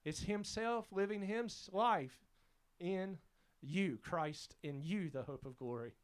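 A man's voice: high-pitched, slow pace, clear, resonant tone. A man preaching a sermon as pastor, fervent and emphatic, repeating his exhortations.

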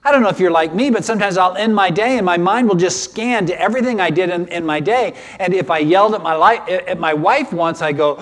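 Older male pastor, high-pitched, passionate sermon delivery with restarts. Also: a little fast, hardly any pauses. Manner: emotional, animated preaching with repetitions.

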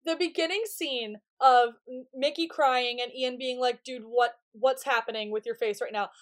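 A woman co-hosting a TV recap podcast, talking in an animated, casual way, swearing freely and acting out lines from the show. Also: sits high, moderate pace. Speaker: podcast co-host. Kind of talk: casual chat.

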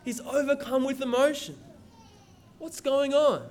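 A man's voice: very high voice, fairly even intonation, unhurried. A man preaching a sermon, reading scripture aloud and explaining it in an earnest, emphatic way. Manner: earnest, emphatic, repeats words when stressing.

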